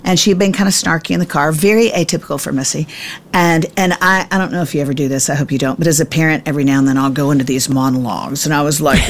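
Low, gravelly-voiced woman Bible teacher. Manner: self-deprecating, emphatic, quick to laugh at herself. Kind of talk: animated storytelling in conversation.

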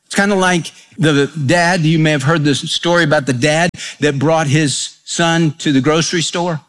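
A man delivering a radio sermon, his voice sitting a touch higher than most men's. He preaches plainly and conversationally, with everyday fillers and a folksy, storytelling warmth of phrasing. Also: steady tone, normal speed. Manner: folksy storytelling with homespun humor. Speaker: pastor.

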